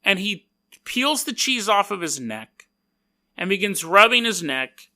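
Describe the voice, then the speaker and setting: A male podcast host in casual storytelling mode, his voice pitched high and sharply bright. He wanders off on jokey, self-deprecating tangents before returning to the tale. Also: big pitch swings, unhurried.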